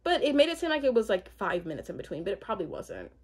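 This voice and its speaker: A woman's voice: mid-range voice, big pitch swings, fast talker, slightly rough. A young woman in casual chat, rambling with many fillers and asides as she recaps a reality show.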